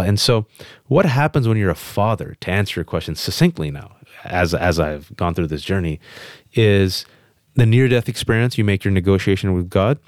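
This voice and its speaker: A man as an interview guest, telling a personal story with emphatic, quick restarts. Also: fairly low pitch, dry recording, clean studio sound. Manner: emphatic, fast restarts, animated quotes. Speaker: guest on a podcast.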